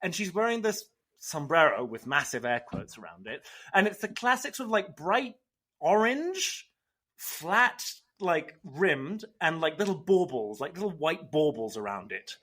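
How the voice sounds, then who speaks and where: Young male co-host, chatty and animated, bright forward tone, lively pitch. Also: moderate pace, hardly any pauses. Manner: animated, self-deprecating, restarts. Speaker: podcast co-host. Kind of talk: casual chat.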